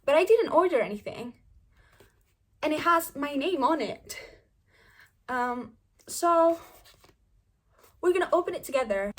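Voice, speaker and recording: A young woman, gushing excitedly about new books in a casual vlog. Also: on the high side. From Italy. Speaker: book vlogger. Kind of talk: casual book haul chat.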